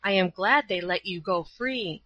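A woman voicing a gentle, pious old woman who speaks calmly and tenderly in a storybook reading. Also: medium pitch, measured pace, highs cut off, natural voice.

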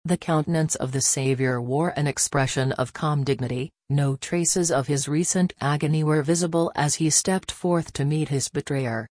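Female reader for devotional narration; solemn, measured pace, low register, dry recording. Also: darkish tone, no room sound. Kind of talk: devotional book reading.

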